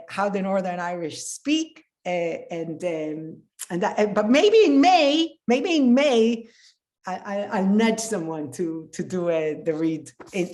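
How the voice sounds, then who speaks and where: A woman speaks as the guest author at a live event, with a voice of ordinary middle pitch. She answers in an earnest, thoughtful way, pausing often as she gathers her thoughts. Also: a little mellow. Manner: earnest, thoughtful, frequent "uh" pauses.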